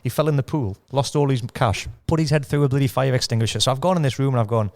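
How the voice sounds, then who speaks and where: Quick-talking Geordie man telling stories. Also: mid-range voice. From Whitley Bay, North East England. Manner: lively anecdotal storyteller, chuckling through tales. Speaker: guest, former footballer. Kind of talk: casual podcast chat.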